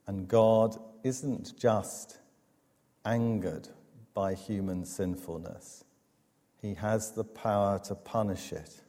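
A preacher delivers a sermon in a slow, emphatic cadence, pausing for effect between phrases. His voice sits low and mellow. It rings with the long reverb of a church hall. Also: fairly even intonation. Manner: measured, emphatic preaching with dramatic pauses.

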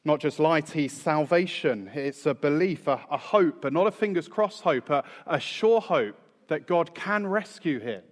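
A man preaching a sermon in a measured, emphatic way, slowing down to stress key phrases. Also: on the high side, animated. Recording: long reverb in a large hall.

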